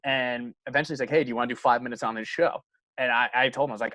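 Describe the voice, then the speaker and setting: Rapid-talking guest comic, mid-pitched. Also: male voice, fairly even intonation, pushed and bright, no echo. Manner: earnest, rambling, self-doubting. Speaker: guest comedian. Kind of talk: casual comedy podcast banter.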